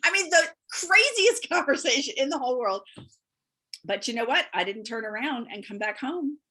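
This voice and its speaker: A woman guest on a remote interview, telling lively stories about her work and laughing often as she talks. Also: sits high, moderate pace, slightly rough. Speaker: guest, beauty consultant. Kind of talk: casual storytelling interview.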